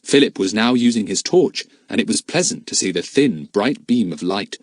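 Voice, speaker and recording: A man narrating a children's adventure audiobook in a lively, expressive reading. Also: on the low side, moderate pace, no room sound. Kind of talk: storybook narration.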